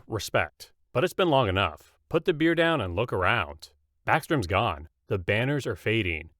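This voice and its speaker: A man narrating a scripted comedy roast in a mocking, punchy deadpan. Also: fairly low pitch, dry recording, clean studio sound.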